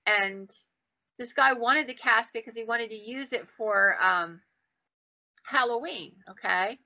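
A woman hosting a podcast, telling stories with a bright, forceful voice and acting out the quotes with lively jumps in pitch. The recording has a dull, lo-fi quality. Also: slow pace. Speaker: podcast host and storyteller. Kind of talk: casual storytelling. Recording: dull lo-fi sound.

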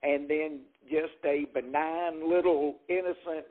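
A man's voice: medium pitch, a little slow. A man from Mississippi with a thick Southern accent, a stand-up comedian telling stories in an interview and acting out quotes. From Jackson, Mississippi. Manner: animated storyteller acting out quotes. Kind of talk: storytelling interview. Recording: narrow phone-like sound.

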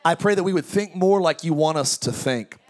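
Male pastor, high voice, energetic preaching with jokes and call-outs to the crowd. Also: fairly quick. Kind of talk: sermon. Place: large tent church.

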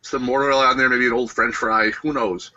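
A man co-hosting a comedy podcast, joking deadpan about a film. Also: medium pitch, a little fast, dull audio. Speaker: podcast co-host. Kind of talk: casual comedic podcast chat.

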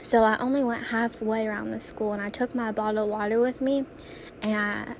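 A young woman with a slightly high voice tells rambling stories to her viewers in a casual vlog, breaking into giggles as she goes. A faint hum of room noise sits under her voice. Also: fairly even intonation, a little fast. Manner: giggly, rambling, laughs often mid-story. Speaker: vlogger.

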